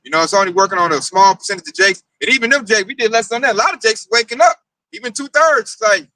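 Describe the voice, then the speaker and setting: Excitable high-voiced man, mic distant. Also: fast, slight background noise. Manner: excitable, acts out quoted exchanges. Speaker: participant in a group discussion. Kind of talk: casual animated talk.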